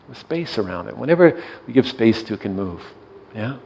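A gravelly, low-voiced man talks gently as a meditation teacher. His soft-spoken delivery often drops away to a near murmur. It is a calm, reflective storytelling manner. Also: moderate pace, a little hiss or hum, rough recording. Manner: soft-spoken, gentle, frequently trailing off quietly.

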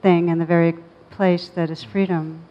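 A lower-pitched woman speaks thoughtfully as a meditation teacher, leaning slowly into important words. Her voice carries a long reverb and sounds somewhat muffled and lo-fi. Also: level tone. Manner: thoughtful, measured, slows on key words. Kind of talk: reflective storytelling talk. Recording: dull audio with long reverb.

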